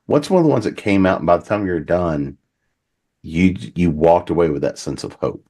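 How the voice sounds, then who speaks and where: A man with a very low voice hosts a convention panel discussion. He talks in an easygoing way, asking open questions and calling on each panelist by turn. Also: animated, moderate pace, warm tone, husky. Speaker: panel host.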